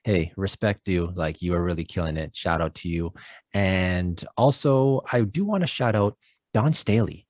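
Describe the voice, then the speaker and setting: A man co-hosting a sports podcast in casual chat, relaxed and affirming, with many "uh"s and "um"s. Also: low-pitched, normal speed, dry recording. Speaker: podcast co-host.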